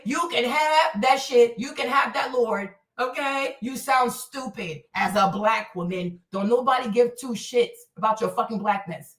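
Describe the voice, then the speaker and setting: A high, bright-voiced woman launches into a profane livestream rant, hammering the same insults over and over. She sounds set back from the mic in an echoey room. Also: distant mic. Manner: profane, confrontational, repeats insults. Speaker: streamer reacting to a clip.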